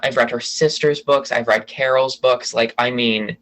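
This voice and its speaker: Man, podcast guest, from the DC area, chatty, rambling gossip, mid pitch. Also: fairly even intonation, normal speed, fairly bright tone, rough recording. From Washington DC area. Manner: chatty, rambling, self-correcting. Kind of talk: casual gossip chat.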